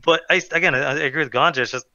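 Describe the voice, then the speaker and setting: A man's voice: fairly high pitch, rapid-fire, sharp tone, no room sound. A man co-hosting a casual podcast chat, rambling and restarting his sentences. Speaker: co-host. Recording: dull dry mic sound.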